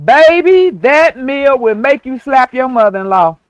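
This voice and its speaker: A man's voice: very high voice, a little slow. A man hosting a casual stream chat, folksy and talking people through a recipe step by step. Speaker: show host.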